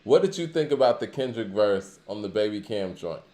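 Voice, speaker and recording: A man's voice: lowish voice, lively intonation, fairly quick, mellow, reverberant, slight background noise. A man co-hosting a casual talk show, musing conversationally with lots of filler phrases. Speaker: podcast co-host. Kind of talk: casual hip-hop discussion.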